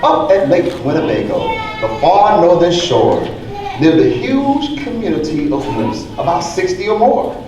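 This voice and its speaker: A man's voice: sits high, very animated, unhurried. Brief: man storyteller, sing-song read-aloud, distant mic, roomy echo, faint noise. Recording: echoey hall from far off, faint noise.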